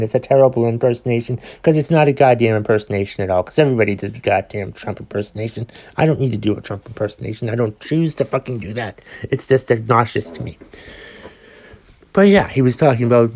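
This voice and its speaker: A man's voice: medium pitch, fast, a little mellow. A man hosting his own podcast, ranting with exasperated sighs, swearing and many restarts. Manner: exasperated, profane, sighing rant with restarts. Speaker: podcast host.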